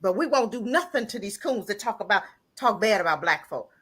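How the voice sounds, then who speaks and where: Fairly quick, animated and fairly bright in tone, a woman phones in to a live talk show with an impassioned rant built on repeated lines. She bursts out laughing and pitches her voice up toward near-crying.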